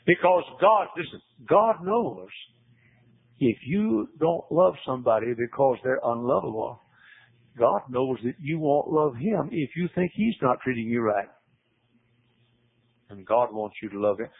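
A man's voice: mid-range voice, expressive, measured pace, vocal fry, breathy edge, dry recording. A man preaching a sermon, emphatic and repetitive, his voice climbing sharply on the words he stresses. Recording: tinny phone-like radio broadcast.

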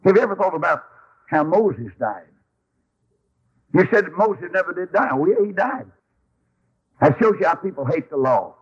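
Brief: emphatic folksy preacher, husky voice swinging up and down, dull radio sound. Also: male voice, high voice, very animated, normal speed, long pauses. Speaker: Baptist preacher. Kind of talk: sermon.

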